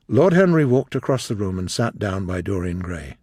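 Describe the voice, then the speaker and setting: A man's voice: low-pitched, sing-song, moderate pace, a little mellow, breathy edge, dry recording, studio quality. Man narrating a graded-reader audiobook.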